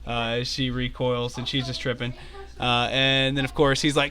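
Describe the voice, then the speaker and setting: A man's voice: mid-range voice, flat delivery, normal speed, a bit bright. A young man in a casual, rambling way running an online tabletop game as game master, laughing often.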